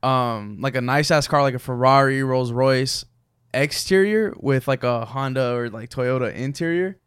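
A man's voice: medium pitch, moderate pace, a bit bright, clear, resonant tone, no room sound, studio quality. A young man co-hosting a casual podcast chat, laughing often and swearing freely. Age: young adult. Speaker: podcast co-host.

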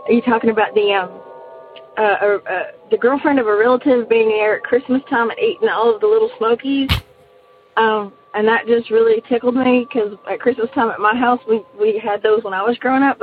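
A woman telling a story over a tinny phone line, her pitch sitting fairly high. She rambles and hesitates, circling back as she goes, with faint music under the call. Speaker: caller. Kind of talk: recorded listener voicemail.

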